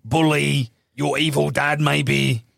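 A man playing a tabletop game, teasing and animated. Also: fairly high pitch, slow, vocal fry, dry recording, clean studio sound. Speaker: player. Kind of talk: tabletop role-play.

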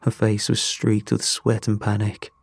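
A man narrates a first-person story in an unhurried, measured delivery. His voice is low-pitched and husky. The sound is close and dry. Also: monotone, no echo. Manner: slow, measured.

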